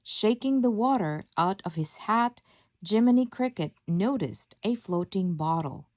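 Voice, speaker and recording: A woman narrating a children's storybook aloud in a measured, expressive reading. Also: medium pitch, dry recording. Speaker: storybook reader.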